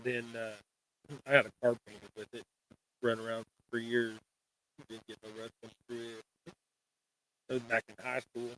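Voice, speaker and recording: A man's voice: medium pitch, flat delivery, moderate pace, long pauses, fairly bright tone, poor audio. A middle-aged man hosting a fishing stream, chatting in a rambling, folksy, self-deprecating way while he ties jigs at home. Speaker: fishing channel host. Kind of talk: casual live-stream chat while tying jigs.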